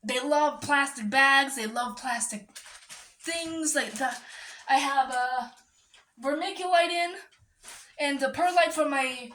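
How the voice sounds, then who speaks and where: A woman's voice: high voice, slow, long pauses, sharp tone, echoey room, slight background noise. A woman vlogging in a chatty, digressive monologue, breaking off to scold her pet. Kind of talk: casual rambling monologue.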